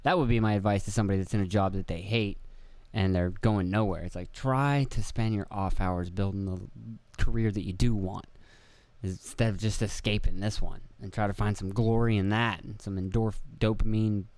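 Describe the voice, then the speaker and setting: A man's voice: fairly low pitch, fairly even intonation, normal speed, a little mellow, no echo. Rambling, foul-mouthed podcast man, dry sound. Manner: rambling, profane, self-deprecating, acts out quotes. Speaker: podcast host. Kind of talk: casual solo podcast monologue. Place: indoor room with video camera.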